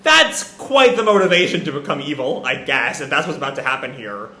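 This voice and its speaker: Here a man reacts to manga live, his voice a little high, animated and brisk, with a pushed, bright quality. His talk wanders, full of hedges and restarts as he corrects himself, and there's echo in the room.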